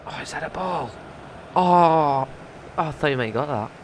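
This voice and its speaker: A young man giving live commentary over his own football video game play, muttering remarks and bursting into loud shouts when something happens. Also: on the high side, normal speed, slight background noise. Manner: excitable, loud outbursts between muttered remarks. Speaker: gaming streamer.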